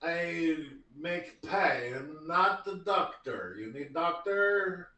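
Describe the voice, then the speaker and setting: A woman's voice: lowish voice, lively intonation, slow, sharp tone, a little hiss or hum, exaggerated voice. A man voicing a frantic female halfling pie baker in broken English, with a put-on Scottish accent that slips toward Eastern European. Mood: indignant. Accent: put-on Scottish slipping to Eastern European. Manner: broken English, flustered and pushy. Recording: roomy, distant mic.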